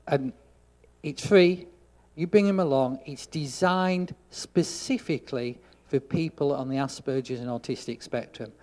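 A man preaching a sermon, telling a story and acting out the dialogue, getting loud for emphasis. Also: on the high side.

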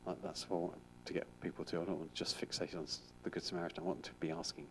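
A man's voice: sits low, fairly even intonation, racing, gravelly, hardly any pauses, a bit bright, a little hiss or hum. A middle-aged man, a school chaplain, giving an informal sermon in a chatty, rambling way with frequent restarts.

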